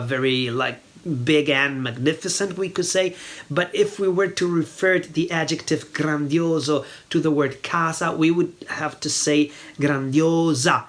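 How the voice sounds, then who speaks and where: A man's voice: fairly high pitch, fairly bright tone. Italian-accented man teaching pronunciation patiently. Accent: northern Italian. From northern Italy. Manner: patient, repeats words slowly to show pronunciation. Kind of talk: explanatory language lesson.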